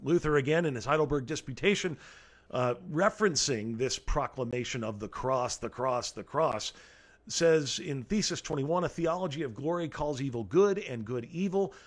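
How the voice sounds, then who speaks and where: Earnest man preaching, slightly high voice. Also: animated, moderate pace. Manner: earnest, emphatic, repeats key phrases. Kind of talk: sermon with scripture reading.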